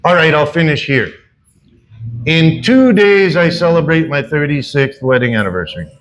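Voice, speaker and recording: A man's voice: a little high, expressive, normal speed, noisy background. An older man doing stand-up in a bar, telling a long self-deprecating story with repeats and restarts. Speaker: stand-up comic. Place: bar comedy stage.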